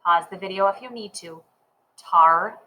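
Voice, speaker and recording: A woman's voice: mid-range voice, measured pace, a bit bright, poor audio. A woman teaching a reading lesson, sounding words out syllable by syllable and spelling them letter by letter.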